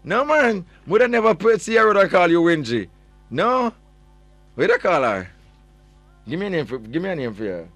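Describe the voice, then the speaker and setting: Playful Jamaican radio host, higher voice. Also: male voice, sing-song, moderate pace, pauses often, fairly bright tone, dry recording, faint music behind. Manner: teasing, playful, mixes patois with English. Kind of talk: morning radio chat, reading out listener messages.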